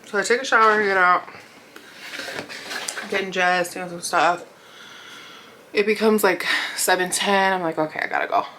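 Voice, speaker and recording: A woman's voice: mid-range voice, pushed and bright, slight background noise, rough recording. A young woman vlogger casually telling a rambling story while eating, laughing often and acting out what people said. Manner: chatty, rambling, lots of "like" and quoted dialogue. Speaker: mukbang vlogger.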